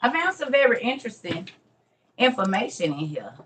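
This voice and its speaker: A woman's voice: fairly high pitch, sing-song, normal speed, a bit bright, a little hiss or hum, poor audio. A middle-aged woman, chatting casually with viewers on a morning livestream from home, calling them y'all. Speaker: livestream host. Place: home room.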